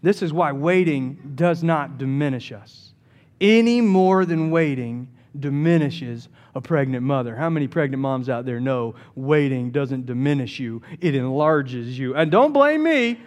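A man's voice: medium pitch, measured pace. A man preaching a sermon as pastor, telling stories with playful jokes. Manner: animated storytelling with jokes.

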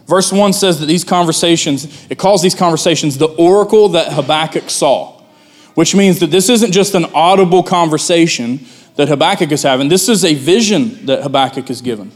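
Animated pastor preaching a sermon. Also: male voice, fairly high pitch, fairly quick. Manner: conversational preaching, rising to loud pleading when acting out a prophet's complaint.

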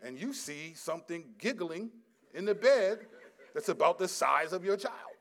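A middle-aged man preaching a sermon in a fairly high voice. He drops low and soft for reflective asides, then rises loud and emphatic when reading scripture aloud. The delivery is dynamic and engaged throughout. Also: lively intonation, unhurried. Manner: reads scripture aloud with rising intensity. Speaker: pastor.

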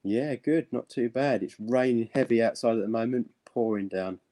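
A man's voice: mid-range voice, normal speed, mellow, no echo. A man, a gardener, chatting on a video call in an easygoing, plain-spoken way and often repeating himself. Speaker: guest gardener. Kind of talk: casual chat.

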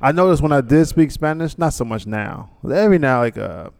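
A man's voice: medium pitch, expressive, fairly quick, vocal fry, a little mellow, no room sound, studio quality. A man in his thirties hosting a podcast, talking in a laid-back, rambling, slangy way and laughing often. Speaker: podcast host. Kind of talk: casual chat.

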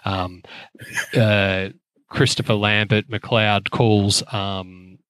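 A man with a lowish voice talks through a film in loose, rambling chat. He stops and restarts a lot and swears casually. The sound is dry and close. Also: level tone, extremely slow, a bit bright, clear, resonant tone, no room sound. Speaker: podcast co-host.

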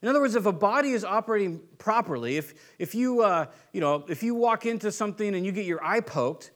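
A man preaching a sermon in a conversational way, acting out little everyday scenes with quick playful voices. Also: high-pitched, animated, a bit bright. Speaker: pastor. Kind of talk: sermon teaching.

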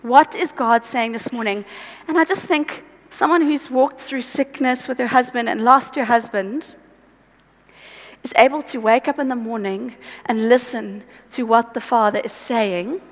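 High-voiced woman preaching in a reverberant hall. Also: unhurried. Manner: earnest, exhorting, chatty asides. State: voice tiring. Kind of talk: conversational sermon.

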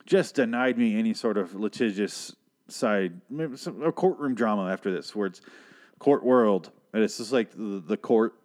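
A man's voice: fairly low pitch, animated, normal speed, darkish tone. Young male podcast host; profane, incredulous ranter for a sarcastic film recap.

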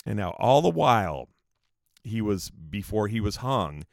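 A man's voice: on the low side, sing-song, unhurried, gravelly, no room sound, clean studio sound. A man hosting a podcast, telling a history story casually, rambling with restarts and asides. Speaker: podcast host.

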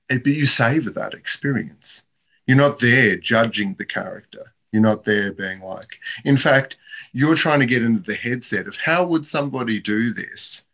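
A man's voice: medium pitch, creaky, fairly bright tone. A man in reflective casual conversation, talking in a thoughtful, musing way.

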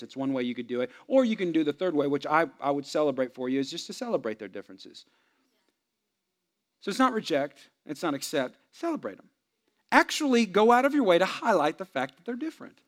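A fast-talking pastor with a high-sitting voice gives a sermon on marriage. Before his congregation he moves from loud, animated bursts to hushed asides and back.

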